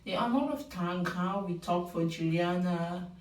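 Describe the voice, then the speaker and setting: A woman giving opinionated, animated commentary on a reality show, sometimes mocking the people she talks about. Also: lowish voice, a little slow. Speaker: reality TV recap vlogger. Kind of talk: casual commentary. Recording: roomy sound, mic at a distance.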